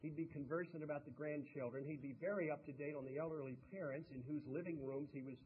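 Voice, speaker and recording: A man's voice: a little high, fairly even intonation, quick pace, narrow, tinny audio, slight background noise. A man giving a motivational speech, telling folksy stories and talking directly to the audience. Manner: folksy storytelling, talks to the audience. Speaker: motivational speaker.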